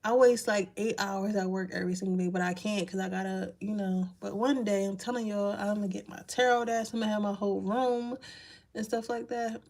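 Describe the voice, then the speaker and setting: A woman's voice: medium pitch, steady tone, a little fast, darkish tone. Chatty, slangy woman reading tarot. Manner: chatty, slangy, laughs often. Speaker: tarot card reader. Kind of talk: casual live-stream reading.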